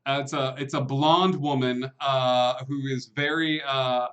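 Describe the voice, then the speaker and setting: A man of mid pitch narrates a tabletop game as game master. He talks in halting stretches full of "uh" and "like". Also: steady tone, fairly bright tone, muffled recording. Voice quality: hesitant, full of fillers.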